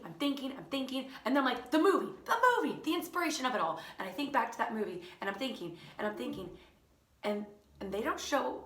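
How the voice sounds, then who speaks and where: A woman teacher spins a personal story in a loose, chatty way, piling up fillers and laughing as she goes. Her voice is bright and forward. The room around her rings with a noticeable echo. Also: mid-range voice. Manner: animated, lots of fillers, laughing through the tale. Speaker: teacher and channel host.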